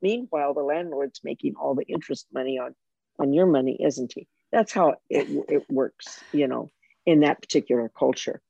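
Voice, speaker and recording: An older woman telling a personal faith story in conversation, animated and self-mocking, with frequent restarts. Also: low-pitched, normal speed, gravelly, husky, dry recording, dull audio. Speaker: guest sharing her testimony.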